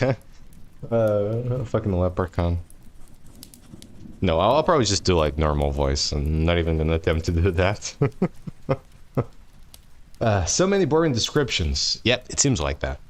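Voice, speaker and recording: Man, live-stream book reader, very low voice, slow, laid-back, swears and laughs a lot, casual chat. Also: lively intonation. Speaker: streamer reading a novel aloud.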